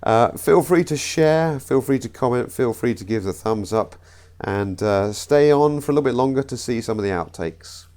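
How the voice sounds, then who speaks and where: A man's voice: mid-range voice, expressive, normal speed, darkish tone. A man playfully reading a list of jokes in a self-mocking way. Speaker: comedy narrator. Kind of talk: jokey scripted narration.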